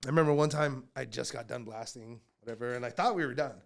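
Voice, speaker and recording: A man guesting on a podcast, telling stories in casual chat, heavily profane and animated, often slipping into the voices of people he quotes. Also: mid-range voice, fast, vocal fry.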